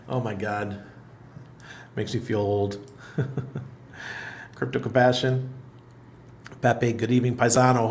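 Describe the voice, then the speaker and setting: Man, middle-aged, livestream host, casual chat, laughs a lot, low voice, gravelly. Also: slight background noise. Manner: loose and chatty, laughs often. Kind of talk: casual livestream chat reading viewer comments. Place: apartment in Panama.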